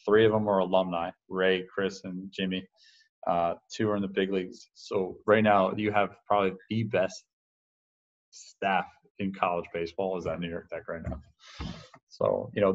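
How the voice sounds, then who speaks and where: A man in his thirties with a very low voice tells stories in a loose, rambling way, full of "uh" and restarts. The recording sounds dull and lo-fi. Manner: rambling, many fillers and restarts. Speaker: baseball coach, podcast guest. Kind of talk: casual interview storytelling.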